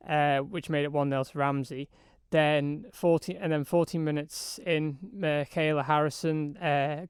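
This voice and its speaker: A man with a Manx accent, slightly hoarse, describing hockey matches in an excitable sports chat full of fillers and restarts. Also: on the high side, no room sound, clean studio sound. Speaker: hockey reporter.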